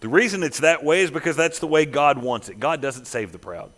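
A man preaching a sermon as pastor, emphatic, dropping to hushed, slow lines and rising again. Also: fairly high pitch. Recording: long reverb of a large hall.

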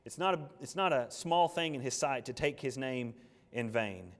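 A man preaching a sermon with passion, firing off rhetorical questions and swinging between loud and hushed. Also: mid-range voice, lively intonation, moderate pace, in a large hall.

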